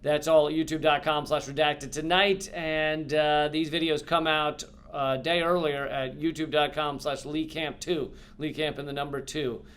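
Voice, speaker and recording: High-voiced, rambling, profane male commentator. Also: level tone, normal speed, few pauses, a bit bright. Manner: rambling, profane, impassioned, with many restarts. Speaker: host of a political commentary channel. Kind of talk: casual to-camera monologue.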